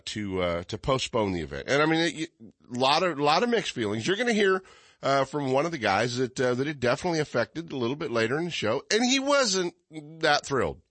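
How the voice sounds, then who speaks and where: A man's voice: medium pitch, a bit bright, no room sound. A man hosting a fishing radio show, chatting casually and rambling with many fillers and restarts.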